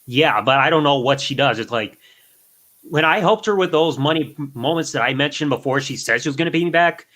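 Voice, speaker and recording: A man's voice: fairly high pitch, animated, a little fast, fairly bright tone. A man calling into a live show, venting in a heated, rambling way. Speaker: caller.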